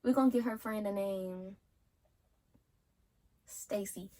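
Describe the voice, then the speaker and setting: A young woman telling a storytime in a casual, animated way and acting out what people said. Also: medium pitch, slow. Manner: animated retelling, acts out quotes, yells some lines. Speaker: vlogger.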